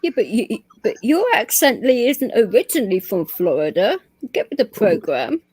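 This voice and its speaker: High, lively, teasing woman. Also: normal speed, breathy edge, no echo. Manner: swears freely, laughs often, teasing. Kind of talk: casual chat.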